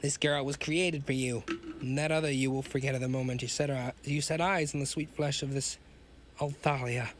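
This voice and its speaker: A man's voice: mid-range voice, fairly even intonation, normal speed, a little hiss or hum, natural voice. A man voicing a sinister hunchbacked male mad scientist in a read-aloud pulp story, with a grandiose, ranting manner. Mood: coaxing.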